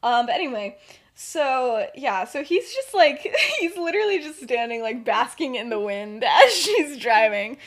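Young woman, lively up-and-down voice, fairly high, giggly, casual storytelling. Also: unhurried. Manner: giggly, laughs through her sentences, heavy use of "like". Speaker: podcast co-host.

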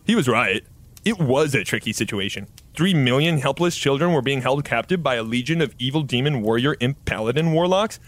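Animated man reading comic parody. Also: medium pitch, fairly quick, no echo. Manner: animated, mock-dramatic narration with sound effects. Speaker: comedian reading his own parody fan fiction. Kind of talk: comedic deadpan story reading.

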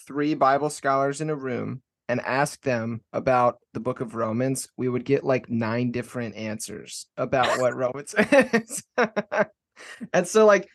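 A man hosting a podcast interview in casual conversation, rambling and halting with many fillers and restarts. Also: medium pitch. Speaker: podcast host.

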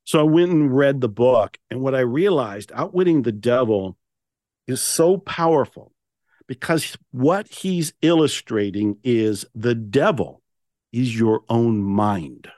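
An older man tells stories on a podcast. His pitch climbs and dips as he acts out his own self-talk and presses on key words. The sound is close and dry. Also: takes it slowly, no echo. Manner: animated, emphatic, quotes his own inner voice. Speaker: podcast guest, author and speaker. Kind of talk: storytelling in a conversational interview.

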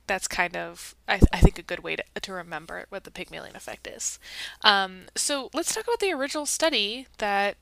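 A woman talks through a topic in a loose, chatty way, leaning on fillers and restarting her sentences. Her voice is bright and crisp. The sound is dry and close, with no room around it. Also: medium pitch, dry recording, rough recording. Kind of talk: casual explanatory talk.

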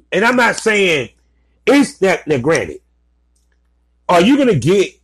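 A man's voice: fairly high pitch, slight background noise. A man giving blunt, profane business advice in a casual, ranting commentary. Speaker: vlogger giving advice to content creators.

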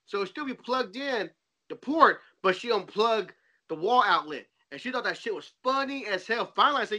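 High, bright-voiced laughing man. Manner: animated, laughing storyteller. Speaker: co-host. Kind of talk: casual podcast chat.

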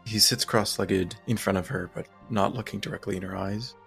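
A man playing a tabletop game, speaking softly and describing his character in the third person. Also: sits low, level tone, normal speed, gravelly, few pauses, music in the background. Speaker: player. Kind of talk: tabletop role-play.

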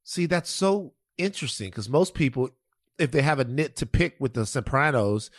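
A man's voice: mid-range voice, animated, normal speed, no room sound, clean studio sound. A man co-hosting a podcast, talking in a casual, opinionated way. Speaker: podcast co-host. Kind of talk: casual chat.

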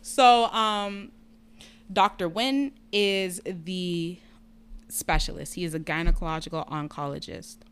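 Brief: smooth-voiced woman, blunt, swearing storyteller in casual chat. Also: fairly low pitch, takes it slowly. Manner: candid, profane, lively retelling.

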